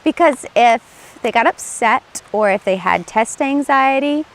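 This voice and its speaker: Middle-aged lady host, kinda high voice, chatty and earnest, laughs a bit as she talks. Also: lively intonation, a little slow. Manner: conversational and earnest, with light laughs and restarts. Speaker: TV show host; former play therapist. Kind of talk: casual instructional talk to camera.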